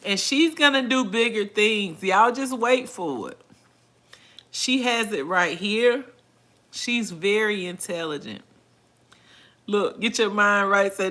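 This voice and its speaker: Laid-back, bright-voiced woman livestreamer. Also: medium pitch, measured pace. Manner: chatty, laughs often, folksy phrasing. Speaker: livestream host. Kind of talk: casual live chat reading viewer comments.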